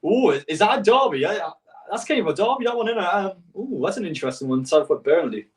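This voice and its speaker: A man's voice: sits high, very animated, fast talker, distant mic. A man reacting live to a cup draw as a football fan, exasperated and swearing, rambling with stutters.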